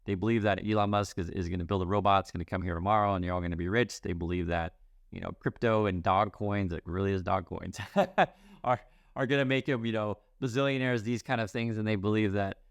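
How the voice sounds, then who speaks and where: A middle-aged man talks through the news in a loose, chatty way, full of fillers, restarts and wry asides. His voice sits low with a gravelly fry. The sound is dry and close, with no room around it. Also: fairly quick, no room sound. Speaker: news commentary host. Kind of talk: casual solo commentary.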